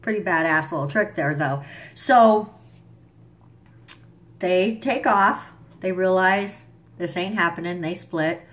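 A woman's voice: on the low side, slow, long pauses, a bit bright. A young woman vlogging a casual, profane recap of a TV episode, with fillers and asides. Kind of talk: casual chat.

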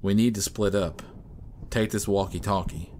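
A man's voice: low voice, fairly even intonation, moderate pace, darkish tone, slight background noise, natural voice. A man voicing a determined, protective young man who gives orders in a firm, commanding way.

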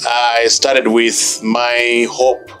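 A man's voice: mid-range voice, little pitch movement, a bit bright, soft background music. A young man from Uganda, a gospel artist, speaking earnestly and unhurriedly as a guest in a podcast interview. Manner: earnest, unhurried, faith-filled.

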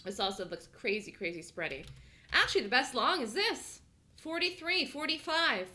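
Woman trading-room host, very bright tone, lively pitch, casual chatter with laughs. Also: moderate pace. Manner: chatty, laughs often, thinks aloud. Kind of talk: live trading commentary.

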